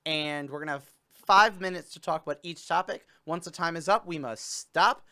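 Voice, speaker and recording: A young man hosts a casual livestream, rambling, joking with viewers, and doing playful fake sobbing. His voice is on the high side, pushed and bright, with a clean tone at a moderate pace.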